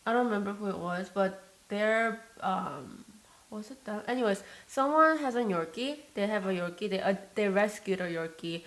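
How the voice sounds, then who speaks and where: A woman's voice: medium pitch, expressive, normal speed, fairly bright tone. A young woman talks casually in a mukbang-style vlog, telling stories in a rambling way full of fillers and false starts. She grows emotional easily, and a faint static crackle runs under her voice. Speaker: mukbang vlogger. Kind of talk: casual chat while eating. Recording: staticky mic noise.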